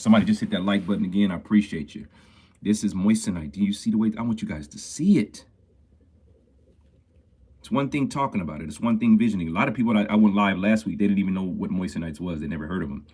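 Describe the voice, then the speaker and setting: Deep husky guy talking jewelry on a phone live, chatty and upbeat, shouting out viewers. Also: fast talker. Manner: talkative and upbeat, greets viewers often. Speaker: jeweler hosting a live stream. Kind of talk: casual live-stream chat.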